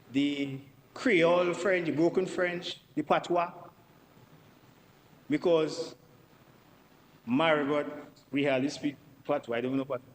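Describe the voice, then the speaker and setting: A man's voice: a little high, in a large hall, a little hiss or hum, low-quality recording. A Dominican man, a member of parliament, giving an emphatic debate speech in the chamber and repeating himself for stress.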